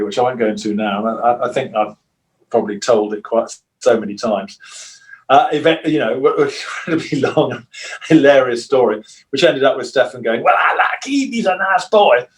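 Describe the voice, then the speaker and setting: An older man, a guitarist, telling long, rambling stories in a relaxed interview and acting out the voices of people he quotes. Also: medium pitch. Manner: rambling storyteller who acts out quoted voices. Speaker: guitarist guest.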